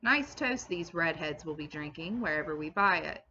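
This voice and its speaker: A woman with a deep, lively voice reads a classic novel aloud like a teacher to a class, at normal speed, fully voicing an outspoken, fussy older Englishwoman, a loyal servant who scolds freely and speaks loudly and emphatically with strong opinions. The recording is muffled with a little hiss or hum.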